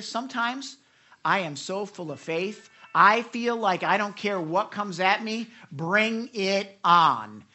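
With a voice pitched in the middle range, the preacher retells biblical passages in a lively devotional, stumbling into repeated starts and querying the congregation directly.

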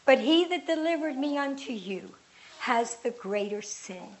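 A woman reading as a calm, suffering prophet. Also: high-pitched. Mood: solemn. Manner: quiet, measured speech. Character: calm, suffering male prophet, gentle and resolute.

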